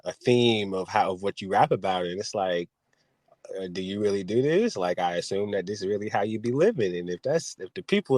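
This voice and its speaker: Animated man telling stories, casual podcast. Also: no echo. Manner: animated storyteller, acts out quotes with big pitch jumps. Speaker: podcast co-host.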